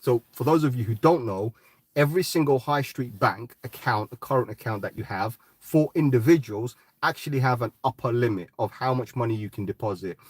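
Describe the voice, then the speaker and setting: A man's voice: mid-range voice, a little fast, breathy edge, no room sound. A man hosting a live crypto talk, ranting bluntly and swearing, often tagging "right?". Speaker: crypto podcast host.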